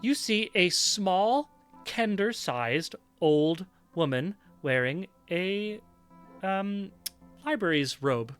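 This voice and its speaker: Animated game master narrating a tabletop game. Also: medium pitch, takes it slowly, smooth, soft background music. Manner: playful, descriptive storytelling.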